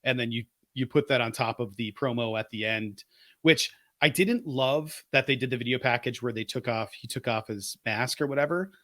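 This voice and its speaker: A man talks through his picks in a casual podcast chat, eager and opinionated, thinking out loud as he goes. His voice sits in a middle range and comes across dry and close, with no room around it. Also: mid-range voice, normal speed, dry recording. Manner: enthusiastic, opinionated, thinks aloud. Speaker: podcast co-host.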